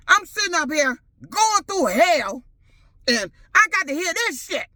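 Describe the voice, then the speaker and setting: A woman's voice: very high-pitched, big pitch swings, unhurried, bright, forceful tone, no echo. A middle-aged woman, ranting angrily and profanely to her camera as a vlogger. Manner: furious, profane, confrontational. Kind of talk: angry rant to camera.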